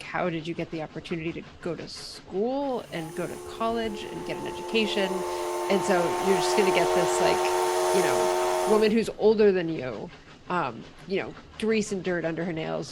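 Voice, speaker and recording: A woman's voice: lowish voice, vocal fry, background noise. A woman narrating her character's actions in a tabletop game, hesitant and full of fillers. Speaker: player.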